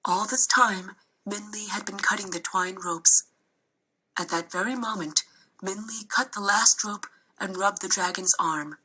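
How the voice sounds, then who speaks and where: A woman narrating a children's novel aloud in a steady storytelling way. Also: mid-range voice, a little slow, slightly rough, rough recording. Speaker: reader.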